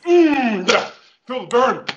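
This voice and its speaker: A man's voice: very high-pitched, big pitch swings, takes it slowly, background noise, pitched above the performer's own voice, heavily acted. A man playing a goofy, overconfident fitness coach who also preaches, with hammy, over-the-top motivational patter over a video call. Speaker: fitness guest. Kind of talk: comic character interview over video call. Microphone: headphones with mic.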